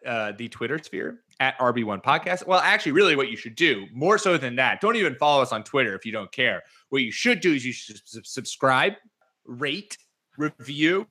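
A man hosting a fantasy football podcast, joking and getting excited in quick bursts. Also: mid-range voice. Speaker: podcast host.

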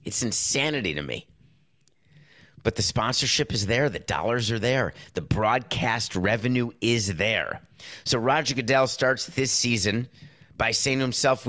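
A middle-aged man hosting a show, giving a casual sports commentary monologue with lots of rhetorical questions and quick self-corrections. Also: medium pitch, bright, forceful tone, no room sound, studio quality. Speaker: podcast host.

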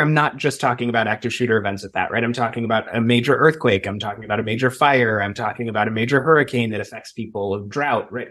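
A man being interviewed as a safety expert, explaining in an earnest, measured way. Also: mid-range voice, fairly bright tone. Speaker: school safety expert guest. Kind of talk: conversational interview. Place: Los Angeles.

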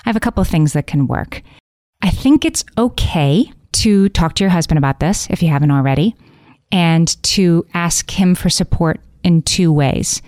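A woman's voice: fairly low pitch, animated, moderate pace, a little mellow, no room sound, clean studio sound. A middle-aged woman hosting a parenting podcast, giving candid, conversational advice and acting out what the kids say.

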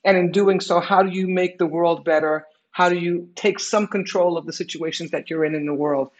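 A woman's voice: on the low side, fairly even intonation, a little fast, dull audio. An older woman and retired executive, speaking as a guest in a candid interview, emphatic and reflective, often repeating her key phrases for weight.

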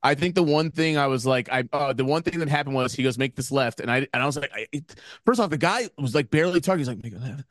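Rambling, excitable podcast guy. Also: on the high side, fast talker, no echo, studio quality. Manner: excitable, rambling, swears a lot. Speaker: podcast co-host. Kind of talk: casual chat.

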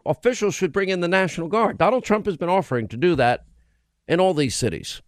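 A man's voice: high voice, dry recording. A man hosting a talk radio show, delivering an emphatic, sarcastic monologue with frequent restarts into a studio microphone.

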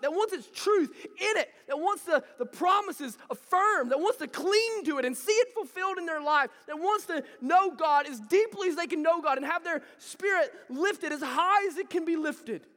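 A man's voice: extremely high pitch, a bit bright, long reverb tail. A man preaching a sermon, emphatic and repetitive, building intensity as he talks.

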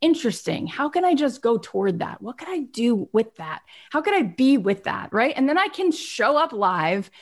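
A woman with a somewhat high voice delivers an earnest self-help talk. She leans hard on her points, then softens her voice, then lifts it again. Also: moderate pace, hardly any pauses. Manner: earnest, emphatic, swings between soft and animated. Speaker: inspirational speaker.

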